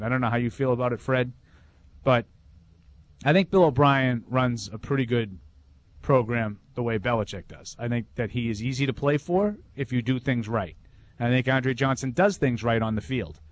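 Man with a Boston accent talking sports. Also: mid-range voice. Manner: opinionated, thinks aloud with restarts. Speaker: sports radio co-host. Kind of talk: casual sports talk.

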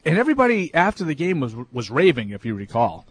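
Chatty sports talk co-host, higher voice. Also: male voice, huge pitch swings, fast, breathy edge. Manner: chatty, anecdotal. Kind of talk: sports talk show banter.

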